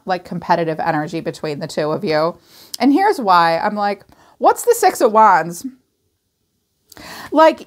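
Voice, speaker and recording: A woman giving a casual, chatty tarot reading, acting out quoted voices and swearing now and then. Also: mid-range voice. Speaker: tarot reader.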